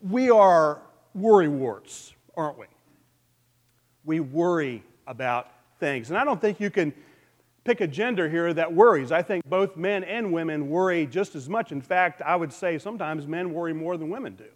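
Higher-voiced male pastor in a reverberant church. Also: expressive. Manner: informal, halting, and repeats words as he goes. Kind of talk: conversational sermon with announcements and prayer. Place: church sanctuary. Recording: long hall reverb in a large church.

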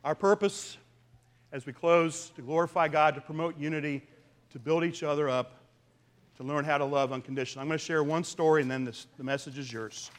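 A man's voice: fairly high pitch, steady tone, a little fast. A man preaching a sermon, telling a story earnestly with big swings in volume. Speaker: pastor.

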